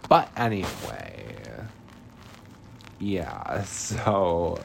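A man's voice: low voice, wildly swooping pitch, extremely slow, gravelly, a little hiss or hum. A man hosting a podcast, recapping a film in chatty, slangy casual talk with lots of filler words. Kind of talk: casual chat.

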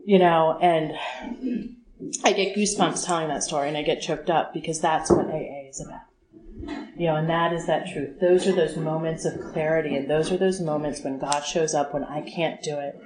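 A woman's voice: low voice, steady tone, normal speed, darkish tone. A woman giving a candid, profane recovery testimony at a meeting, laughing often as she talks. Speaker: AA meeting speaker. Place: meeting room. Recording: echoey room.

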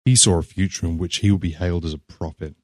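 A man reading a story aloud in a measured, grave narrating manner. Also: sits low, fairly even intonation, no echo, clean studio sound.

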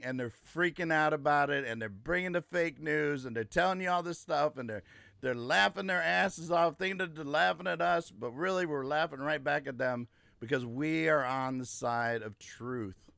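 A man hosts a casual livestream rant, emphatic and gloating, hammering his lines again and again. His voice sits a bit high and bright with a gravelly fry. The sound is dry and close. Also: moderate pace, no room sound. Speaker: livestream host.

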